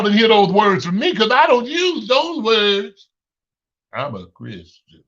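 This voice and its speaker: A man with a Chicago accent talks straight to his listeners in a casual monologue, hammering points home by saying them again and again. His voice is bright and sits a touch high. The recording is muffled and lo-fi. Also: huge pitch swings, slow pace. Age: 30s. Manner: preachy, repeats himself for emphasis. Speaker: host.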